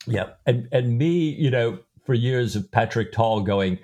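Guy chatting about a book on a podcast, thoughtful, mid pitch. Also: expressive, a little slow, dark tone. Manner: conversational, reflective, some hesitations. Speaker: podcast co-host. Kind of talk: book discussion.

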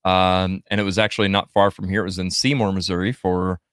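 A man hosting a live podcast in a casual, halting way, reading out listener comments and answering them. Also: low voice, flat delivery, a bit bright, smooth, no room sound, clean studio sound. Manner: halting, many fillers and restarts. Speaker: podcast host. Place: Missouri area studio.

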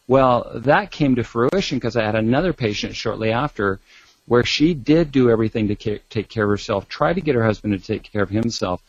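A man's voice: mid-range voice, expressive, brisk, husky, no echo, dull audio. A man, a doctor, speaking as a talk show guest and telling stories animatedly, with many restarts. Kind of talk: casual talk show interview.

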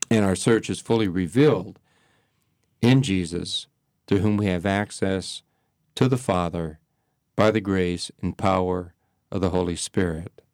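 A man speaking as a priest, reflecting on prayer in slow, measured phrases with pauses. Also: deep voice, a little mellow, dry recording, studio quality. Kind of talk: reflective spiritual talk.

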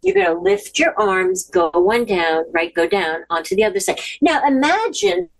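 A woman hosting a casual instructional livestream from home, chatty and encouraging, slowing down when she guides imagery. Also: on the high side, sing-song, vocal fry, dry recording. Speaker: wellness host. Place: at home with her dog. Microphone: device camera.

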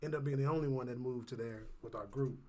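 A man in his thirties from St. Louis, a guest comedian chatting casually on a podcast, laid-back and quick to laugh. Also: mid-range voice, mellow. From St. Louis, USA.

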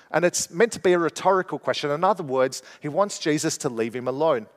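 A man preaching a sermon, explaining a scripture passage and moving between hushed and emphatic delivery. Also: a little high, animated, a little fast, hardly any pauses, long reverb tail.

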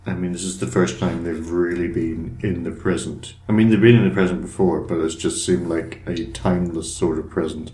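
A man co-hosting a casual podcast chat, halting and repeating words, with dry sarcasm. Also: low voice, fairly even intonation, mellow. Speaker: podcast co-host.

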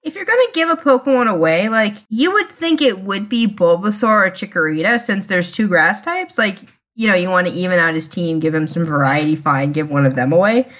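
A woman's voice: medium pitch, animated, fairly quick, hardly any pauses, fairly bright tone. A woman co-hosting a podcast in casual chat, talking in a chatty, exasperated way. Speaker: podcast co-host.

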